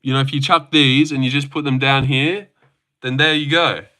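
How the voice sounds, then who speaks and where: A man's voice: medium pitch, fairly even intonation, normal speed, bright, forceful tone. A young man hosting a casual live stream from his phone, joking, swearing now and then and answering chat comments.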